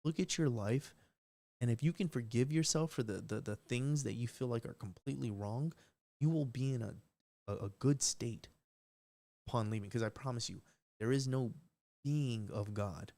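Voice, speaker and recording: A man's voice: medium pitch, moderate pace, warm tone. Brief: male streamer, unscripted rant, profane, repeats himself, pushes hard on key words, mid-range voice. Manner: profane, rambling, emphatic with repeated restarts. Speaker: livestream host.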